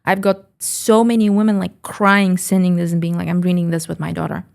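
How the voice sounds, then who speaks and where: A woman entrepreneur talking on a podcast, telling animated stories bluntly and swearing freely. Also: fairly low pitch, fairly quick, creaky. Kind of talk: casual podcast chat.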